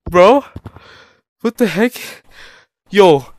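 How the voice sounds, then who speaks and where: Excitable young guy, lively voice. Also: sits high, very slow, no room sound, clean studio sound, faint music behind. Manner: excitable, panicky, says bro constantly. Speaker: gaming video creator. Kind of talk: casual gameplay chat.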